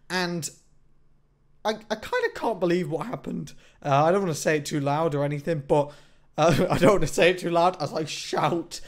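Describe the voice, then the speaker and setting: A teenage man telling a rambling, jokey story to camera in a casual vlog, often mocking himself. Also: fairly high pitch. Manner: rambling, joking, self-mocking, excitable. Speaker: vlogger.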